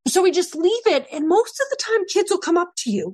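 A woman's voice: extremely high pitch, lively intonation, fairly quick, darkish tone, no room sound. A woman guest on a casual podcast interview, talking animatedly about parenting and acting out dialogue with her son. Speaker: guest, behavior consultant.

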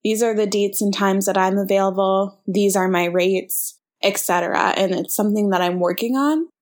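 A woman's voice: medium pitch, steady tone, moderate pace. A young woman talks through her own podcast in a reflective, encouraging way. Her voice sits in an ordinary middle range, and she speaks conversationally, as if coaching a friend. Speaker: podcast host. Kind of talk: solo podcast talk.

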